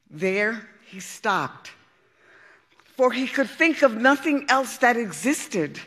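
A woman reads a storybook aloud in a high, bright voice, unhurried and expressive. A long reverb hangs behind her words. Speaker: storybook reader.

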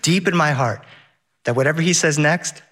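A man telling a personal story on stage to a live audience, animated and lively. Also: on the high side, moderate pace. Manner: animated, shifts into voices of his child and the captain. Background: audience laughter.

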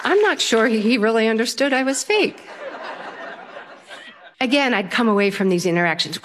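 An older woman telling a personal story in an animated way, often laughing as she talks. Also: on the high side, moderate pace, long pauses, crowd noise, noisy background.

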